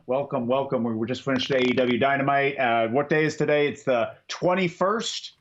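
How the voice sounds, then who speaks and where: A man's voice: mid-range voice, normal speed, dull audio. A man co-hosting a wrestling podcast, chatting casually in an upbeat, joking way and plugging the show. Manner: upbeat, jokey, plugs the show. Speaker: podcast co-host. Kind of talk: casual post-show chat.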